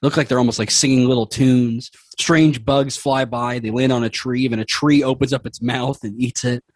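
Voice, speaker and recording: A man's voice: mid-range voice, fairly even intonation, normal speed, dry recording. A young man running a tabletop game, telling the scene in vivid detail with bursts of laughter. His voice sits mid-range and is recorded close and dry. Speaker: game master.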